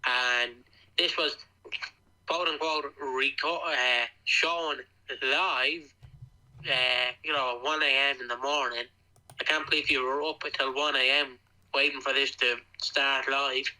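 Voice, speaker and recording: A man's voice: mid-range voice, fairly even intonation, measured pace, sharp tone, low-quality recording. A man co-hosting a wrestling podcast in casual chat, laid-back and reading facts from his notes. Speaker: podcast co-host.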